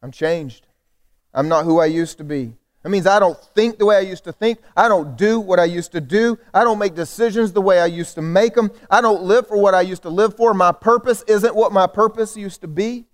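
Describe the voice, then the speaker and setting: A man with a fairly high voice preaches a sermon. He leans on repetition and builds his points toward calls for the congregation to answer back. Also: brisk, hardly any pauses. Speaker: pastor.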